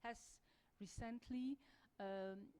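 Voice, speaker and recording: A woman's voice: on the high side, steady tone, takes it slowly, mellow, low-quality recording. A woman with a French accent speaking as an EU diplomat on a panel, hesitant, with many fillers and restarts. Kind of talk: panel discussion.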